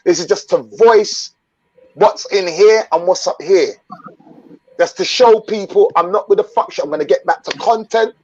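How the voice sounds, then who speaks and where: A man's voice: high-pitched, normal speed, darkish tone, muffled recording. A man, hosting his own channel and delivering an angry, blunt, profane rant that repeats its points. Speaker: channel host.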